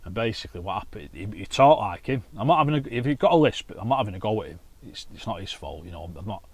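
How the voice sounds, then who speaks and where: A man's voice: fairly low pitch, expressive, fast, slightly rough, dry recording. Chatty man telling stories by a lake. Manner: chatty anecdotal storytelling with swearing. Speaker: carp angler and vlogger. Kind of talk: casual chat to camera. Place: outdoors by a lake.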